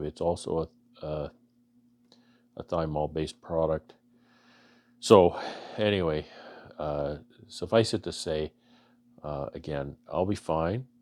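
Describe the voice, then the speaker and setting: A man from Canada, a beekeeper vlogger, talking to his viewers in a halting, earnest way with many restarts, emotional and choking up. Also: extremely low pitch, a little mellow. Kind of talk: casual heartfelt talk to camera.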